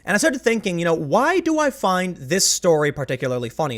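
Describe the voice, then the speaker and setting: Rambling opinionated man, fairly high voice. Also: huge pitch swings, fairly quick, a bit bright. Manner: rambling, self-interrupting, emphatic. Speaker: commentary host. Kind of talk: opinionated commentary monologue.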